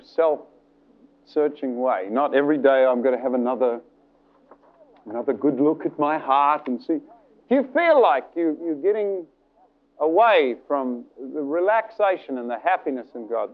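Male preacher, high lively voice, acts out voices, tinny phone-like recording. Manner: animated storytelling, acts out voices. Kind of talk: sermon with retold story.

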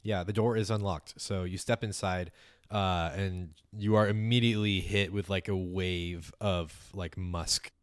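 A man narrating as game master of a tabletop game in a relaxed, rambling way, full of fillers. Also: low voice, a little slow, no echo, clean studio sound.

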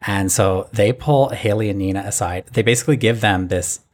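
A man with a low, somewhat husky voice talks through a reality show episode in easygoing chat. He tells it like a story and slips into quick impressions of the players. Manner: lively storytelling, mimics the players. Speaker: podcast co-host recapping a reality show. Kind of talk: casual chat.

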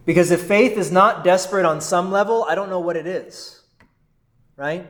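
A man's voice: sits high, normal speed, fairly bright tone. A man preaching a sermon as a pastor. He talks in a conversational way, often checks in with "right?", and briefly voices the people he is quoting. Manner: quotes and voices figures from the text.

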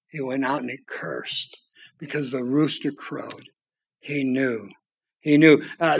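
A man preaching a sermon, swinging between loud exclamations and hushed, quiet passages. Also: on the high side. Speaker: pastor.

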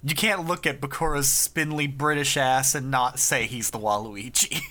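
Bright-voiced, wry, teasing podcast co-host. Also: mid-range voice, fairly even intonation, normal speed. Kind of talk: casual chat.

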